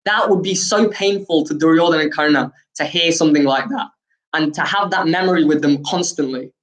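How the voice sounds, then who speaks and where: A man voicing a calm, wise older-brother king who reasons earnestly with his sibling. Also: a little high, brisk, reverberant, lightly acted, rough recording.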